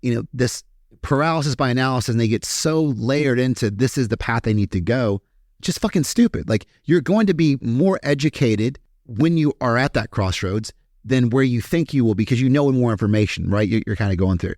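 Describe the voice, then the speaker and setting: A man from Kentucky, a podcast guest telling his story in a candid, animated way and swearing freely. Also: mid-range voice, a little fast, no room sound, studio quality. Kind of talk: casual storytelling interview.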